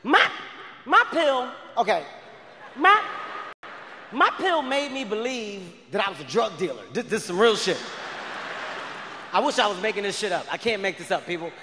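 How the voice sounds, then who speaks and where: A man with a high, bright voice tears through a stand-up set, loud, profane and animated. His voice rings through a big hall, with a faint hum of the crowd behind him. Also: moderate pace, pauses often. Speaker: stand-up comedian. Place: large theater stage. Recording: live stage mic with hall reverb.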